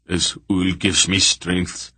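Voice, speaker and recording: A man's voice: low voice, flat delivery, slow pace, pushed and bright, slightly rough, no echo, full character voice. A man reading an audiobook, voicing a zealous fighter who mutters his words in a fervent, strangled way. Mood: vowing.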